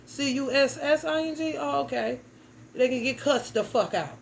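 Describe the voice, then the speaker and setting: A woman's voice: high voice, normal speed, creaky, a little hiss or hum, poor audio. A young adult woman giving a casual tarot reading, talking bluntly and emphatically with plenty of cursing and slang. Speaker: tarot reader.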